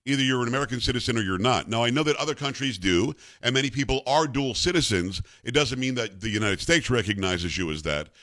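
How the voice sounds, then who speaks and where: A middle-aged man hosting a talk radio show, speaking in a brisk, emphatic, bantering way. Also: mid-range voice, expressive, a bit bright.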